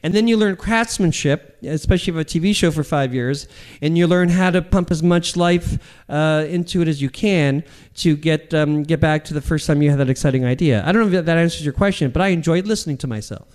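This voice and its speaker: A middle-aged man, a comedian, telling stories in an interview in an animated, self-deprecating, rambling way. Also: on the high side, brisk. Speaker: guest comedian. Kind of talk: interview storytelling.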